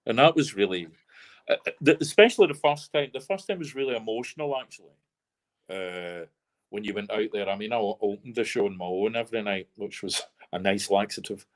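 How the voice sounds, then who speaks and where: A man's voice: on the low side, a little fast. A middle-aged Scottish man, an actor and comedian, chatting in a radio interview, rambling through anecdotes with fillers and restarts. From Scotland. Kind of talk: casual radio interview chat.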